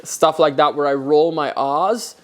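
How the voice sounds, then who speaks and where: A young man with an Australian accent that has drifted toward American, talking in a casual Q&A. His voice sits a little high, and it jumps up sharply when something frustrates him. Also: measured pace. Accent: Australian, softened toward American. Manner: animated, rises sharply in pitch when frustrated. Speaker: co-host of a horse channel Q&A. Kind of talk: casual chat.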